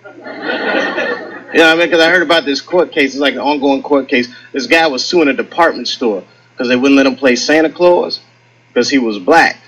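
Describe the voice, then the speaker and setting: A man doing a stand-up comedy set on stage, telling stories with lively acted-out quotes. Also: medium pitch, a little fast, breathy edge, poor audio. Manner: animated storytelling with acted-out quotes. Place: comedy stage with live audience.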